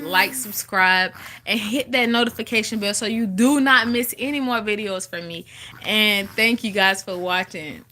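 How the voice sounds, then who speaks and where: A woman's voice: fairly high pitch, a little slow, sharp tone, slight background noise. A woman in her twenties chatting casually to her viewers, full of fillers and restarts, chewing gum as she talks. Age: 20s. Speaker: vlogger. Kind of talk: casual chat to camera.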